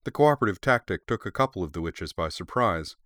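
Man, deep voice, dry sound, steady scripted narration, measured reading. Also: no echo. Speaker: audiobook narrator.

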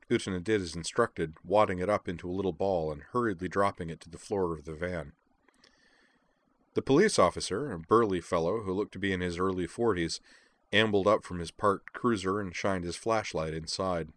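A man narrating a story in a steady audiobook style. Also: low voice, brisk, dry recording.

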